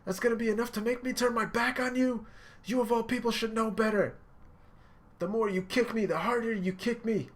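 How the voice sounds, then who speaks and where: A man reading comic lines plays a stubborn young pirate captain who refuses to back down. The voice is pushed far higher than his normal speech and delivered as a loud, insistent shout. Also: steady tone, brisk. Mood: defiant. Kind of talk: reading manga dialogue aloud.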